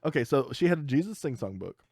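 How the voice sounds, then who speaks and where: A man's voice: medium pitch, very animated, quick pace, darkish tone, slightly rough, no room sound, studio quality. A man co-hosting a podcast in casual chat, rambling and joking, acting out the people he quotes. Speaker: podcast co-host. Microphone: studio mic.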